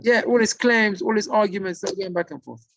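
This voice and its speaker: Gravelly, animated male storyteller. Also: high voice, a little fast, a little hiss or hum, rough recording. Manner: animated, acts out the figures, mixes in Hebrew terms. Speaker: religious storyteller and teacher. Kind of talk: sermon-style storytelling.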